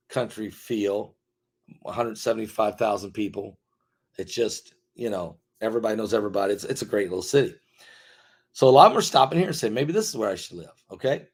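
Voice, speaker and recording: A middle-aged American man giving an emphatic monologue, piling up repeated lists and swinging from loud peaks to quiet asides. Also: medium pitch, gravelly. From United States. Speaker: online preacher and commentator. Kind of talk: emphatic direct-to-camera monologue.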